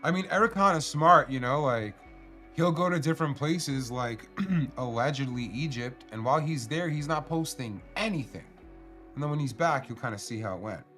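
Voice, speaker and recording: A man's voice: mid-range voice, moderate pace, pushed and bright, faint music behind. A man hosting a casual live stream, talking in loose, profane, rambling slang to his chat. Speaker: cannabis stream host.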